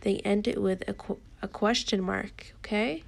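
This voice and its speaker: A woman's voice: medium pitch, steady tone, moderate pace, creaky. A woman teacher reading a picture book with a young child, patiently explaining each step.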